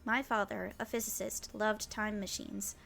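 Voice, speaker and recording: A woman voicing a sharp-tongued young woman scientist in a visual novel. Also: mid-range voice, fairly even intonation, normal speed, vocal fry, slight background noise. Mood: bitter. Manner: cutting, dismissive.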